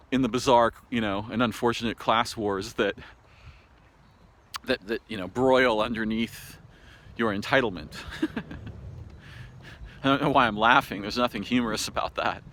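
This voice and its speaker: An American man speaking an unscripted monologue to camera, thoughtful and halting, with many pauses, fillers and restarts. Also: on the low side, a bit bright. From United States. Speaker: video essayist. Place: home in a city. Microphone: camera mic.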